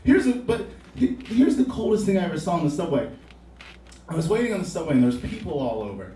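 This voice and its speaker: Rambling profane young stand-up comedian. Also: male voice, fairly high pitch, very animated, fast, dark tone, slight background noise. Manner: rambling, profane, self-mocking. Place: comedy club stage. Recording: roomy club sound from a distance.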